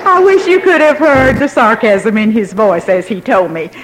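A woman's voice: on the high side, big pitch swings, moderate pace, a crowd in the background, low-quality recording. An older woman telling a personal story in a wry, self-mocking way, laughing now and then.

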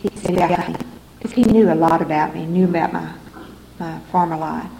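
A middle-aged woman speaks at a recovery meeting in a hall, offering earnest personal testimony that circles back on itself. Her voice sits on the low side and is gravelly yet warm, and she talks fairly quickly. The recording is echoey, with faint noise in the background.

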